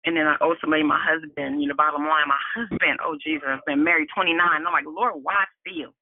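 A woman's voice: sits low, level tone, fast, no echo. A middle-aged woman calling in to a prayer line, giving an earnest, breathless testimony with laughter between phrases. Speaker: caller sharing testimony. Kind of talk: emotional testimony on a prayer call. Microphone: phone. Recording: tinny, dry phone line.

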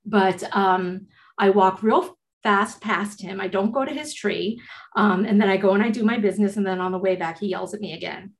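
In casual podcast chat, a woman co-host shares a story at a normal pace with a medium pitch. Animated and swearing freely, she acts out the quotes.

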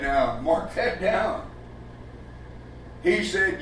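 A man's voice: high-pitched, lively intonation, slow, long pauses, fairly bright tone, slight background noise. Folksy preacher man, echoey and distant. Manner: folksy, emphatic, with rhetorical questions. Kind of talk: sermon. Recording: echoey room with the mic far off.

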